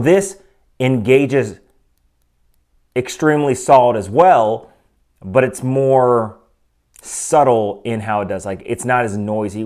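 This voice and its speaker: Opinionated man reviewing a watch. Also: medium pitch. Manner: opinionated, conversational, frequent asides. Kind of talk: casual product review. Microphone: desk microphone.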